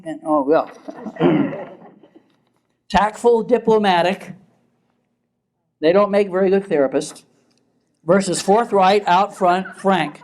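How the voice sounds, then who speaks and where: A man's voice: high voice, a little slow, pauses often, a little mellow. An older man, a therapist, lecturing a class in a casual, chatty way, laughing often and asking the audience questions.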